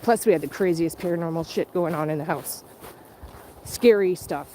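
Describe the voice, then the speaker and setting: A woman's voice: on the low side, normal speed, mellow, a little hiss or hum, rough recording. A woman telling a personal story on a live stream while walking her dog outdoors in a rural area, speaking candidly and rambling. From Canada. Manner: candid, rambling, checking on viewers. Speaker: vlogger.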